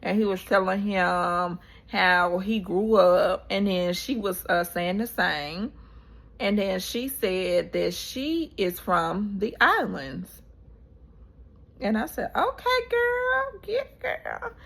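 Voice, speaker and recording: A woman vlogger recapping a reality show episode in casual, animated storytelling, acting out what people said. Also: fairly low pitch, slow, vocal fry. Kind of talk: casual chat.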